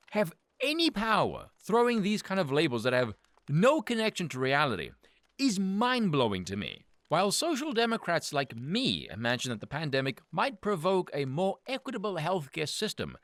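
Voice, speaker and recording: A man's voice: on the high side, fairly bright tone, no room sound. Sarcastic, profane male ranting commentator. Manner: angry, sarcastic, profane, mocking. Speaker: political commentary channel host.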